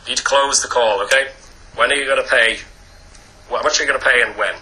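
Guy lecturing a class, loud and super bright, rattles along quick, keeps saying okay?. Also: medium pitch, poor audio. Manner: brisk, peppers lines with "okay?". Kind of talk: training lecture.

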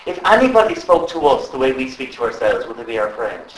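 A man leading a live workshop, animated and constantly asking the group questions. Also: mid-range voice, fast, distant mic. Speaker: trainer. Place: training room with live audience. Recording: echoey room with faint ambience.

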